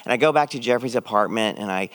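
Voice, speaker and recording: A middle-aged man telling a personal story on stage, expressive and shooting his voice up when excited. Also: fairly low pitch, quick pace, dry recording. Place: stage at a live event.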